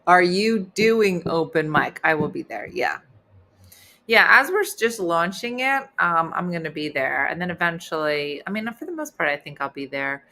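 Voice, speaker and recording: A middle-aged woman hosting a casual livestream chat, playful and teasing with deadpan asides. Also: lowish voice, normal speed. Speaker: host.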